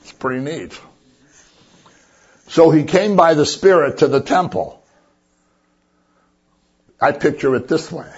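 A man's voice: a little high, lively intonation, measured pace, pauses often, breathy edge. A man preaching a sermon as a pastor, conversational and joking as he retells the story. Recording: dull lo-fi recording.

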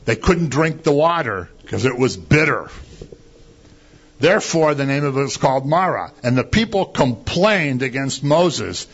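A man's voice: mid-range voice, measured pace, slightly rough. A man preaching a conversational sermon, acting out complaints and firing rhetorical questions. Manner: animated, acts out quoted complaints, rhetorical questions. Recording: dull lo-fi recording.

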